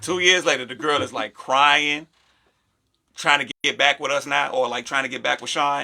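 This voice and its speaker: Bright, creaky-voiced man talking animatedly. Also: medium pitch, moderate pace. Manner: animated, acts out quoted voices. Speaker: podcast co-host. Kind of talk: casual podcast chat.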